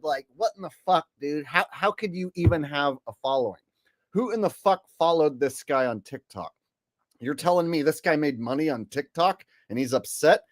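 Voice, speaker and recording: A man's voice: on the high side, moderate pace, no room sound. A man hosting a commentary video, talking in a crude, sarcastic, profane way. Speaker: commentary host. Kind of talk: mocking commentary.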